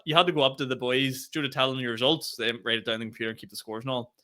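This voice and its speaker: A young man with a Northern Irish accent tells a rambling, animated story in a casual podcast chat, swearing freely along the way. His voice is bright and sharp-edged, pitched around the middle for a man. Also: very fast. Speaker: podcast co-host.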